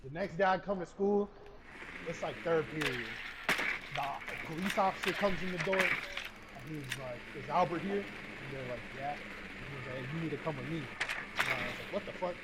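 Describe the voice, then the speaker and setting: Young man, streamer, casual storytelling, profane, acts out quotes, fairly high voice, loud gunfire behind. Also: moderate pace, very noisy. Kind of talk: casual storytelling while gaming.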